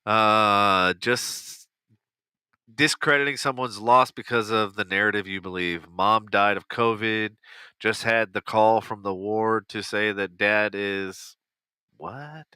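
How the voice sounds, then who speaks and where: Man, podcast co-host; lowish, dry close-mic read with frequent profanity. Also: steady tone, slow pace, pushed and bright, clear, resonant tone, no room sound. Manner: swears freely and laughs while reading. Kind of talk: casual chat, reading out news and posts.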